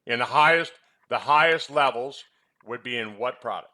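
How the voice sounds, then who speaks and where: At a normal speed, a man with a mid-range, bright, forceful voice makes casual, meandering conversation about supplements. Once a clinic operator and now a health-product presenter, he throws teasing quiz questions at his co-host.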